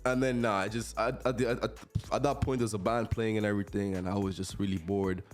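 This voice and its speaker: A man's voice: on the low side, fairly quick, faint music behind. Chatty eighteen-year-old guy telling stories. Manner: chatty, animated, laughs often. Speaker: podcast host, college student. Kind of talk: casual storytelling.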